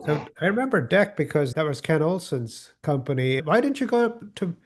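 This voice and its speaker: A man's voice: on the high side, big pitch swings, normal speed, husky. A man hosting an interview who prompts his guest with curious follow-up questions. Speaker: interview host. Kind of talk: conversational interview.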